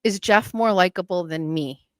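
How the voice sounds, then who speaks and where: A woman's voice: fairly low pitch, normal speed, no echo. A woman hosting a casual livestream chat, chatty and teasing about her husband. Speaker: host.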